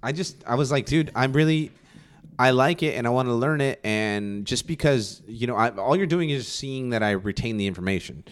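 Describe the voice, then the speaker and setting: A man's voice: medium pitch, moderate pace. A young man from California chatting casually, rambling and swearing, with lots of fillers and restarts. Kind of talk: casual chat.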